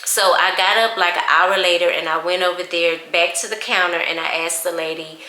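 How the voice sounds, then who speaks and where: A woman's voice: lowish voice, fairly even intonation, brisk, pushed and bright. A woman, telling an emotional story to her viewers in a casual chat. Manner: emotional, chatty, addresses viewers as y'all. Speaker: vlogger. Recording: echoey room.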